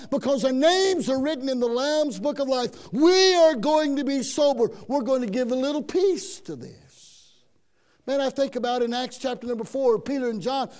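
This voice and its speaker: A man's voice: very high-pitched, animated, moderate pace, a little mellow. A man preaching a sermon, folksy and emphatic, repeating himself and often saying "man". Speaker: pastor.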